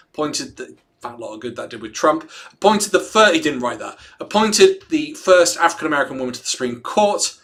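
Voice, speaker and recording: A man with a bright, forceful, somewhat high voice hosts a casual livestream. He reads a written statement aloud, then breaks off to joke with viewers and laughs often, in an easy, chatty way. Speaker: livestream host.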